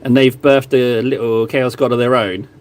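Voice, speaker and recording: A man's voice: medium pitch, steady tone, moderate pace, slight background noise. A young man chatting casually while painting miniatures, rambling and laughing at himself, in a small cupboard room.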